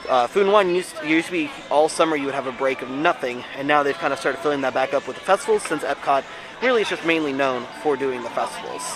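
A man's voice: medium pitch, quick pace, low-quality recording. A man casually vlogging outdoors at a theme park, chatty and rambling.

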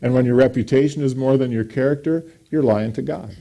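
Mellow-voiced man preaching emphatically. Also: a little fast, vocal fry. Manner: emphatic preaching, pitch rising on quoted scripture. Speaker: pastor. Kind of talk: sermon.

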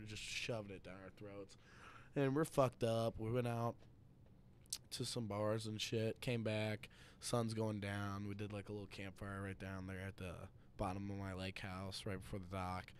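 A man's voice: on the low side, level tone, moderate pace, a little hiss or hum. A man in his twenties, a podcast guest, telling a story in casual chat with frequent laughs and swearing.

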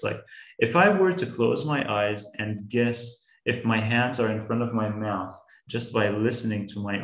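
A man's voice: lowish voice, fairly bright tone, echoey room, poor audio. A man teaching young students about sound, patiently building simple examples with frequent restarts. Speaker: science educator.

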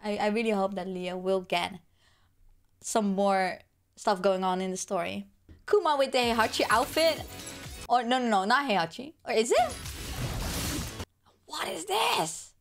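A young woman with a hoarse voice, gushing through an excited video reaction. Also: mid-range voice, moderate pace, faint music behind. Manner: gushing, exclamatory, fangirling. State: hoarse from illness. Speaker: gaming video creator.

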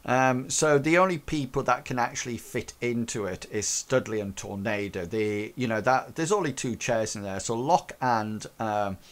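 A man's voice: medium pitch, normal speed, hardly any pauses. A man narrating as game master of a tabletop game, rambling with many fillers.

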